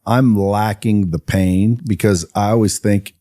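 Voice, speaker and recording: Man, audience member, tentative, low voice, dry sound. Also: fairly even intonation, a little slow, mellow, no echo. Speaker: audience member asking a question.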